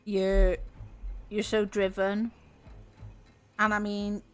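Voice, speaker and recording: A woman's voice: medium pitch, monotone, drawn-out words, smooth. A woman streamer chatting casually with her viewers, bubbly and giggly, laughing often.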